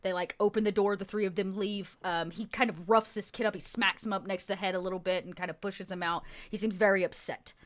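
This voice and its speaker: A woman's voice: mid-range voice, steady tone, fast, hardly any pauses. A woman running a tabletop game as game master, narrating casually with many fillers and restarts.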